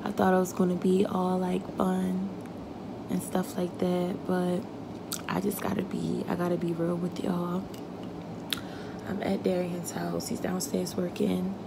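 20s girl whispering to camera, really flat and low, fry, hissy recording. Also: a little slow. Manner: hushed, half-whispered. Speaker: vlogger. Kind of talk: quiet confessional vlog.

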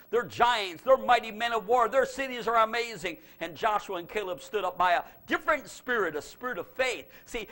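A man preaching a fervent revival sermon, repeating his phrases and swinging from shouted emphasis to hushed lines. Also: high-pitched.

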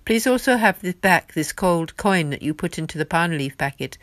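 A woman's voice: fairly low pitch, lively intonation, normal speed, no room sound, natural voice. A woman voicing a devout, humble grown man who pleads earnestly, in a storybook reading.

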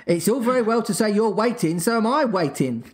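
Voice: mid-range voice, expressive, a little fast, breathy edge, voice pushed up. A podcast reader voicing a blustering, childish father who sulks and bickers. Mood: petulant. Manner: huffy and childish. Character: blustering, petulant grown father.

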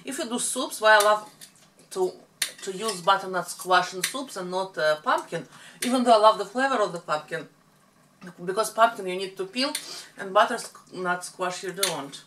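A woman's voice: medium pitch, moderate pace, background noise. A woman co-hosting a family eating show at home, chatting casually and explaining cooking tips between bites. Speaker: mukbang co-host.

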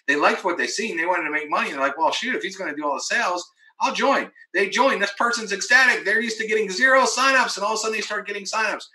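A man giving an energetic marketing pitch in a webinar, emphatic and acting out the doubts of his prospects. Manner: emphatic, acts out quoted voices of prospects. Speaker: webinar presenter. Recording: roomy echo.

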